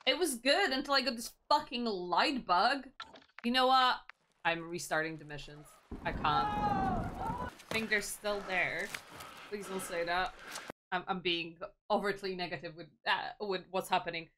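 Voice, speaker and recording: A woman's voice: on the low side, pushed and bright. A woman streamer chatting casually over gameplay, rambling and self-deprecating, with many fillers. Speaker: game streamer.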